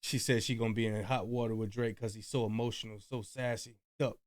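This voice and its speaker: A man with a fairly low, steady voice talks briskly as he hosts a reaction video. He chats loosely about the clips he plays, using slang and profanity.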